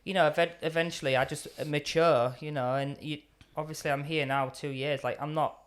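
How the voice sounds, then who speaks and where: A man's voice: fairly high pitch, fairly even intonation, normal speed, a bit bright. A man, a guest in a casual interview, talking emotionally and filling his speech with "you know" and "like". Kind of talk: casual chat.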